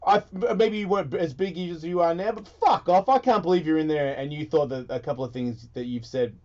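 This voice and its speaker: A man hosting a radio talk show in casual chat, animated and excitable, swearing freely. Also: a little high, a little fast. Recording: dull lo-fi broadcast audio.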